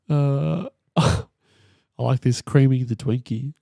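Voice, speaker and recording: A man's voice: mid-range voice, gravelly, warm tone, no room sound, studio quality. An easygoing man who chuckles a lot while co-hosting a casual podcast. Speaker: podcast co-host. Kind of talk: casual chat.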